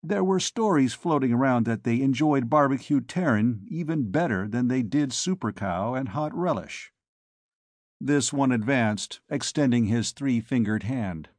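A man's voice: mid-range voice, lively intonation, unhurried, no echo. Man reading wry first-person sci-fi narration. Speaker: audiobook narrator.

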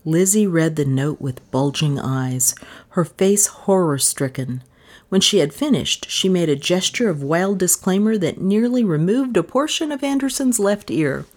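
A woman narrating an audiobook in a low voice with lively, rolling intonation. Her storytelling is expressive and steady. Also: unhurried. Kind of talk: scripted narration.

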